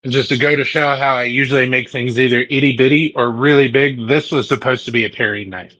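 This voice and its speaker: A man's voice: mid-range voice, fairly even intonation, fast, bright, forceful tone, dry recording, highs cut off. A man making knives in a garage workshop, chatting casually with his co-host while he works. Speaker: knifemaker streamer. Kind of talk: casual chat while working.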